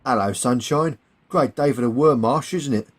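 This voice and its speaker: A man's voice: mid-range voice, animated, normal speed, slightly rough, voice pushed up. A man voicing a cheerful, cheeky young English soldier who talks in a breezy, sardonic way. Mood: chirpy.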